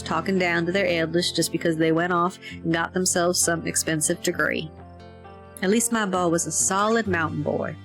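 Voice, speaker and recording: A woman's voice: lowish voice, close to an everyday voice. A woman doing a folksy old farmer. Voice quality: folksy, plain-spoken. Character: gruff older mountain man farmer, blunt.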